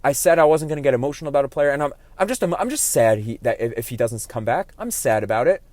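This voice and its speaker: A man hosting his own sports podcast, talking solo and growing heated and animated as he argues his opinions. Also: mid-range voice, quick pace, no echo.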